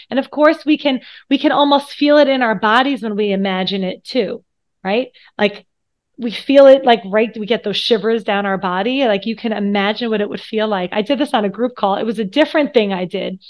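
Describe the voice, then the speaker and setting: A woman anxiety coach co-hosting a podcast, talking casually and animatedly, swearing and acting out little voices. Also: a little high.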